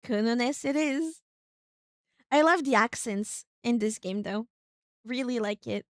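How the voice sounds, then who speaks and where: A woman streaming a video game, chatting casually, thinking aloud in a rambling way with sudden excited outbursts. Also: on the high side, slow, no room sound, studio quality.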